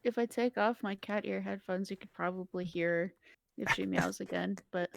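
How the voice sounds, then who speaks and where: A woman's voice: medium pitch, moderate pace, vocal fry. A young woman player chatting casually, giggling and teasing while talking to her cat. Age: young adult. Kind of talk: casual chat.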